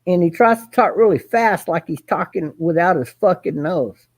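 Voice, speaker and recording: A man's voice: sits high, normal speed, no echo. A man hosting a casual chat, rambling and swearing, with many fillers and restarts. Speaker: host.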